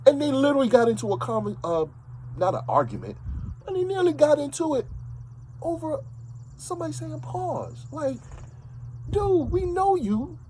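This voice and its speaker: A man's voice: very high voice, sing-song, moderate pace, long pauses, a little mellow, slight background noise, rough recording. A man with a New York accent talking casually and emphatically to his audience, often repeating himself. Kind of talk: casual monologue.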